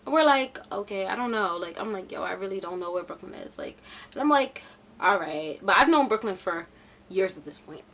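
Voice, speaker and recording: A young woman vlogger telling a casual storytime, chatty and animated with slangy asides. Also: mid-range voice, a little fast.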